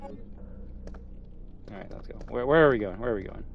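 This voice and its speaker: A man's voice: mid-range voice, expressive, normal speed, creaky, narrow, tinny audio, soft background music. A man streaming a game, chatting casually with nerdy asides and plenty of swearing. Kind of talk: casual gameplay commentary.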